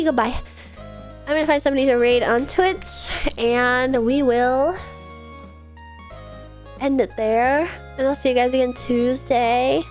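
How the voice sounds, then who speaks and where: A young woman streamer with a high voice and a nose stuffed up from a cold rambles casually to her chat, full of fillers and giggles. Soft music plays behind her.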